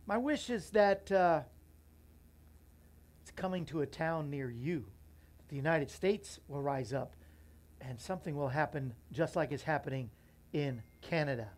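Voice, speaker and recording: A man's voice: a little high, a little slow, long pauses, darkish tone. A man hosting a morning show from a small bookstore studio, chatting casually and rambling to viewers. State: out of breath. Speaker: host.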